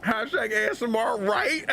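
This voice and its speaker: Hosting a gaming livestream, a man with a high voice chats casually about gameplay into his streaming mic. He's animated, laughs a lot, and munches as he talks, with slight background noise.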